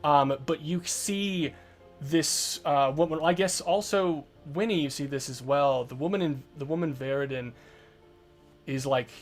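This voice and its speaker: A man narrating a tabletop game as game master, describing scenes in an unhurried way full of fillers. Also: fairly high pitch, faint music behind.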